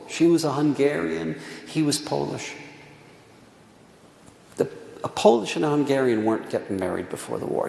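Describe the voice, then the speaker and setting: In an echoey synagogue hall with faint room noise, a middle-aged rabbi delivers a Tisha B'Av sermon. His mid-range voice is darkish with vocal fry, and he tells stories earnestly, repeats words for emphasis and sometimes sinks to a near whisper.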